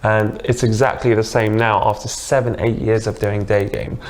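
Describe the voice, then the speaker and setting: A man's voice: lowish voice, flat delivery, moderate pace. A man with a British accent, a guest in a casual interview, chatty and enthusiastic, explaining with examples. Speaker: dating coach guest.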